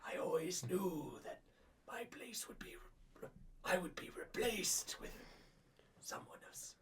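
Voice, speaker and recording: A man voicing a ninety-year-old male wizard with a raspy, strained old voice. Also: high voice, animated, unhurried, whispered, recorded from a distance, voice pushed up. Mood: awed whisper.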